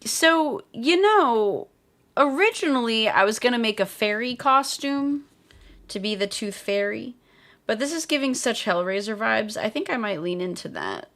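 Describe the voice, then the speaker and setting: A woman's voice: fairly high pitch, big pitch swings, a little slow, a bit bright. A woman live streaming while crafting, chatting casually and reading viewer comments aloud. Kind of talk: casual livestream chat.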